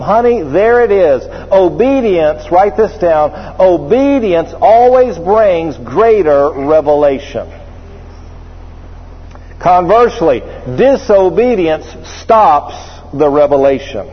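A man with a fairly high, husky voice preaches a sermon, mixing scripture reading with lively, joking stories and put-on voices. His words ring out in a large hall with a long reverb. The sound is muffled and lo-fi. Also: slow. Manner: animated, humorous storytelling with acted voices. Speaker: pastor.

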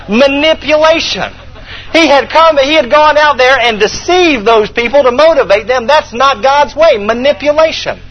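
A man's voice: very high-pitched, very animated, measured pace, fairly bright tone, highs cut off. A man preaching a sermon as pastor, emphatic and repeating his key points for the congregation to write down.

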